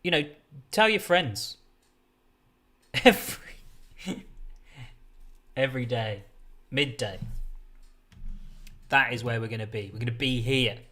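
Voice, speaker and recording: A man's voice: mid-range voice, animated, slow pace, pauses often, pushed and bright. A man hosting a casual livestream, talking in a rambling, chatty way that keeps breaking off and restarting. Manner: rambling, chatty, self-interrupting. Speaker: livestream host. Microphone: desk setup with a mixer.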